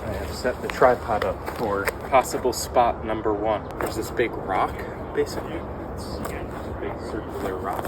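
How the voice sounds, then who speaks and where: A man's voice: on the low side, moderate pace, hardly any pauses, very noisy. A young man chatting upbeat and self-teasing in a casual hiking vlog, recorded on a handheld camera on a wooded trail outdoors. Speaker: vlogger.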